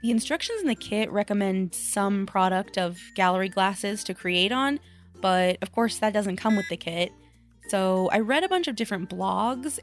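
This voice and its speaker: A woman crafter talking casually to her viewers in a chatty, self-deprecating way, thinking out loud as she works. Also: mid-range voice. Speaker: craft vlogger. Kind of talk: casual voice-over vlog.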